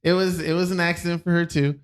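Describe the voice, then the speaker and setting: A man's voice: a little high, steady tone, fast talker, clean tone. A man chatting casually as a podcast co-host, rambling with frequent laughter. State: voice cracking.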